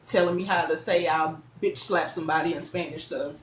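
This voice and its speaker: A woman, telling stories as a guest in a casual interview, lively and quick to laugh. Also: low voice, slight background noise. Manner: lively, laughing, chatty storyteller. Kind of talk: casual storytelling. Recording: echoey room with faint ambience.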